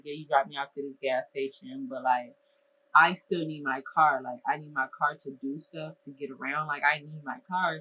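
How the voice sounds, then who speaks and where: A young adult woman from Minnesota telling a storytime vlog in a lively, exasperated way, full of casual slang. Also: deep voice, a little hiss or hum, poor audio.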